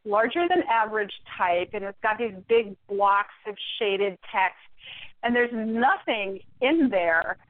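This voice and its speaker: A middle-aged woman, a guest, telling her story in a wry, animated, conversational way, laughing now and then. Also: mid-range voice, slow pace, dry recording. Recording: tinny phone line, dry.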